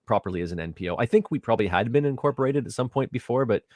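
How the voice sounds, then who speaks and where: A middle-aged man on a video call interview, telling stories in a rambling, self-deprecating, animated way through a home microphone. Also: mid-range voice, very fast, dry recording, clean studio sound. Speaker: guest, theatre artistic director. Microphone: home USB microphone on video call.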